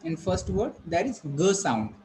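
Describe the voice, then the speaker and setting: A male teacher giving a classroom pronunciation lesson, patiently repeating words slowly and quizzing the class. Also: high-pitched, big pitch swings, dark tone, slight background noise, low-quality recording. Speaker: English teacher.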